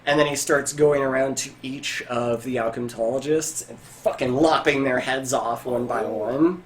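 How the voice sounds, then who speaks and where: A man's voice: mid-range voice, moderate pace. Rambling game master man, swears a lot. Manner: rambling narration full of fillers and profanity. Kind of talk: narrating a tabletop game.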